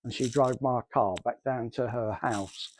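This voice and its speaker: A middle-aged church member gives his spoken testimony in a mid-range, slightly slow and mellow voice. He rambles as he tells it and acts out the dialogue he remembers.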